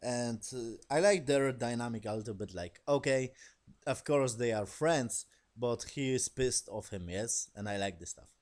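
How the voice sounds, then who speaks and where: A man's voice: medium pitch, normal speed, darkish tone. Rambling man recapping a show. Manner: rambling, swears casually, frequent "basically" and "yes?". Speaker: TV series reviewer. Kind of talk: casual spoken episode recap.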